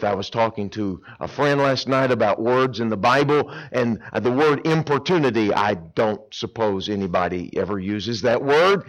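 A male preacher giving a sermon, telling a Bible story in an animated, folksy way with humor. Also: fairly low pitch, normal speed, hardly any pauses, low-quality recording.

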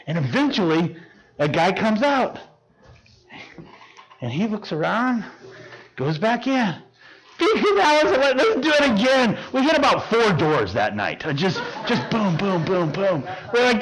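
High-voiced man telling a lively story. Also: measured pace, low-quality recording. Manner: animated, with sound effects and laughter. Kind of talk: humorous personal storytelling.

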